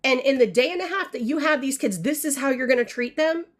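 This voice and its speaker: A woman's voice: high voice, fast. Frustrated mother venting on a livestream. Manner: frustrated, indignant, rambling with fillers. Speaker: mother telling a family story. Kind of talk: casual storytelling to viewers. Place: home art studio. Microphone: livestream mic.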